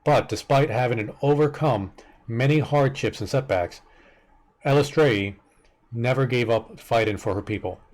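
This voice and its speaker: A man's voice: mid-range voice, a little mellow. Man reading fantasy lore aloud. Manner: stumbles over fantasy names, exasperated asides. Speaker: streamer. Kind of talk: casual chat, reading a wiki aloud.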